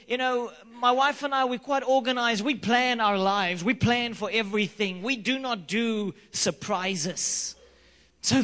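A man preaching a sermon, telling a story with animated delivery and repeating key lines for emphasis. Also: very high voice. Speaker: pastor. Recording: long reverb of a hall.

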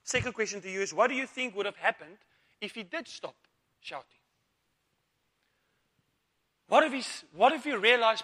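A man with a very high voice preaches a sermon at a slightly fast pace, his tone bright and forceful and his intonation lively. He asks rhetorical questions, calls for amens, and repeats words as he goes. The recording carries the long reverb of a church hall.

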